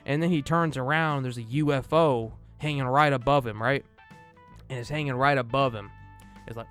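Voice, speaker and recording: A man's voice: mid-range voice, steady tone, fairly quick, a bit bright, clear, resonant tone, soft background music. A man reviewing a film in a loose, casual way, retelling the plot with swearing and acting out the characters' lines. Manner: loose, profane retelling with laughs and acted-out quotes. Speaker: movie reviewer.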